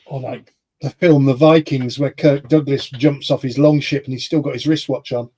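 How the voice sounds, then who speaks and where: A man's voice: medium pitch, fairly even intonation, normal speed, dark tone, slightly rough, no echo. A man co-hosting a casual livestream, trading dry jokes and old film quotes. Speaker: co-host. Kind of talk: casual chat on a modelling livestream.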